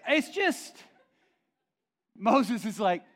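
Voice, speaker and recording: A man pastor preaching a sermon in an animated, joking way. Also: high-pitched, drawn-out words.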